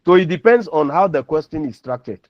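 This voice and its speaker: A man's voice: a little high, animated, a little fast, no room sound. A man lecturing on phonetics, patiently explaining and repeating example words. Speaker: university lecturer. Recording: dull lo-fi recording.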